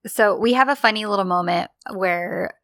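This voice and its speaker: An enthusiastic woman co-host who giggles often and acts out lines of dialogue as she chats. Her voice is bright and forward at a middle pitch, recorded dry and close. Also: normal speed, no room sound. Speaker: podcast co-host. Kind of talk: casual chat recapping a TV series.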